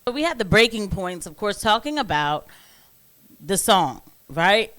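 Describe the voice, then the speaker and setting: A woman's voice: medium pitch, big pitch swings, unhurried, a bit bright. A woman hosting a casual reaction commentary, talking emphatically and asking viewers rhetorical questions. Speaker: commentary host.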